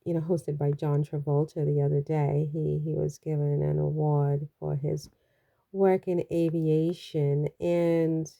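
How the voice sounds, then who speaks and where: A woman's voice: low voice, level tone, unhurried, gravelly, warm tone. A woman from the Caribbean giving casual, chatty and rambling commentary on a vlog, with frequent exclamations. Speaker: royal news vlogger.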